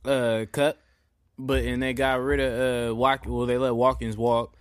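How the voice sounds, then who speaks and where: A man's voice: mid-range voice, little pitch movement, unhurried, clear, resonant tone, no room sound, clean studio sound. A man hosting a casual sports podcast, slangy and profane, who keeps checking in with "you feel me" and "you know what I'm saying.". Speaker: podcast host.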